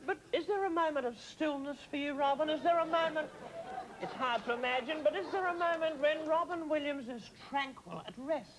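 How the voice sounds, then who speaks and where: A man's voice: very high-pitched, brisk, background noise. A man playing a vain, theatrical older woman hosting a talk show. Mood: arch. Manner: arch, theatrical, mock-grand. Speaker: host. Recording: studio audience behind.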